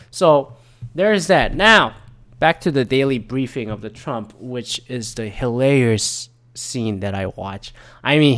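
A man recording a casual, sardonic solo podcast rant, swearing freely and restarting his sentences often. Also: mid-range voice. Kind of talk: casual ranting monologue.

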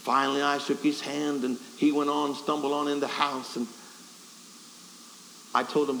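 A man's voice: fairly high pitch, little pitch movement, moderate pace, vocal fry, long pauses, a bit bright. A man preaching at a revival, telling a folksy, self-deprecating story with stammering restarts. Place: revival service hall. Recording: echoey hall with faint hiss.

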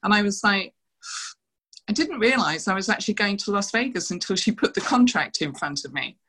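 A middle-aged woman, a former dancer, telling lively anecdotes in an interview. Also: medium pitch, brisk, poor audio. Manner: animated anecdotes, quoting others with laughs. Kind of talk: casual storytelling interview.

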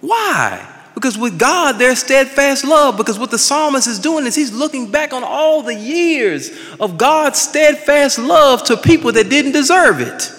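A male pastor preaching an impassioned sermon, swinging between loud declarations and hushed passages. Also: very high voice, very animated, measured pace, few pauses, big-room sound.

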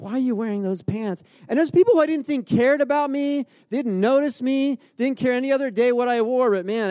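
A man's voice: high voice, darkish tone, dry recording, clean studio sound. A man in his forties giving a sermon in a casual, storytelling way, often restarting his sentences. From grew up by the beach. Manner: conversational, storytelling with many restarts. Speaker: pastor.

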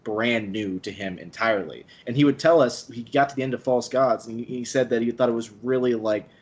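A man's voice: mid-range voice, fairly quick, rough recording. A man hosting a podcast interview, chatting in a conversational way with hesitant restarts. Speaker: podcast host. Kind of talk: casual interview chat.

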